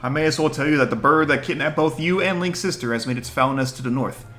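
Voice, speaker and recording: A man's voice: a little high, fast talker, bright, forceful tone, faint music behind. A man voicing a talking old postman bird from a video game, formal and persuasive.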